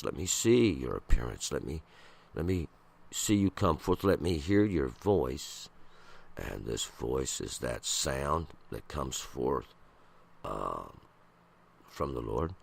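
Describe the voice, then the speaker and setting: A man reading scripture verse by verse and commenting on it in a slow, halting way, often pausing and restarting. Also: rumbling low, very animated, vocal fry, breathy edge. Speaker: Bible commentator.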